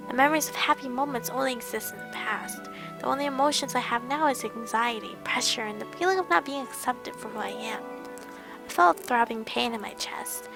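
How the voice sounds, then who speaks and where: A woman reading first-person visual novel narration aloud in a soft, near-whispered way. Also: fairly high pitch, fairly quick, creaky, over music. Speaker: let's play streamer.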